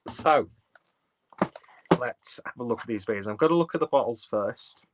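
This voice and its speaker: A man's voice: medium pitch, expressive, moderate pace, very noisy. A man chatting casually on a live stream, rambling and full of fillers as he reads chat and looks at beers. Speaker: beer vlogger reading live chat.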